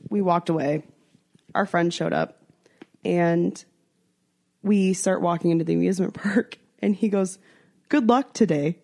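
A woman's voice: fairly low pitch, unhurried, creaky, pauses often. A young American woman co-hosting a podcast, telling a travel story with lots of swearing and acted-out quotes. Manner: animated storyteller, swears freely, acts out quotes. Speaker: podcast co-host. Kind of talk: casual chat.

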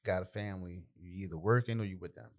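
A man's voice: low voice, steady tone, fast. A man co-hosting a podcast in a laid-back, easygoing manner, telling a story from his work. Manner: laid-back, easygoing, chimes in with short replies. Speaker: podcast co-host. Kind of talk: casual chat.

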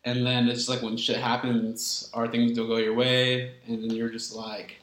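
A man's voice: medium pitch, monotone, normal speed, fairly bright tone, echoey room, slight background noise. A man hosting a casual podcast, talking in a reflective, easygoing way that is full of likes.

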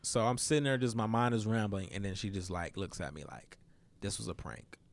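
A young man in casual chat, telling a story in an animated way and acting out the quotes. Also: a little fast. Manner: animated storytelling, acts out quotes with sudden high-pitched squeals.

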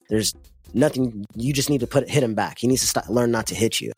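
Young male co-host, casual storyteller, mid-pitch voice, faint music bed. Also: a little fast, breathy edge, no room sound. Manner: animated storytelling, says "man" often. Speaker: podcast co-host. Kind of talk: casual chat.

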